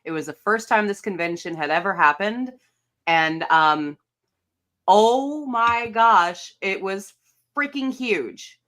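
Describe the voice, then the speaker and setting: A woman co-hosting a casual chat show, telling stories in an excited, chatty way. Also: mid-range voice, takes it slowly. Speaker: co-host.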